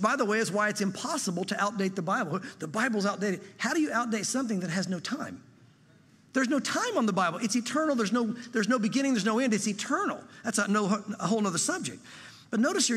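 A man preaching a sermon, emphatic, slowing and dropping his voice on key lines. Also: fairly bright tone, long reverb tail. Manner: emphatic, drops pitch and slows on key lines.

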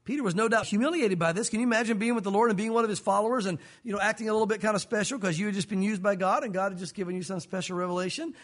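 Husky guy preaching fast, high voice, animated sermon. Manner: animated, acts out voices in his teaching. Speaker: pastor.

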